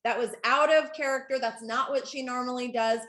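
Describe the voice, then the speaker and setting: Woman host of a coaching call, excitable and chatty, slightly high voice, echoey room. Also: fairly quick. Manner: excitable, laughing, talks to the audience directly. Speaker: network marketing coach. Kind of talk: live group coaching call.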